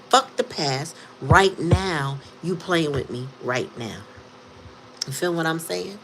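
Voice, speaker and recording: A woman's voice: fairly low pitch, measured pace, fairly bright tone, slight background noise. A woman tarot reader talking straight to her viewers, blunt and profane. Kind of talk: casual monologue to viewers.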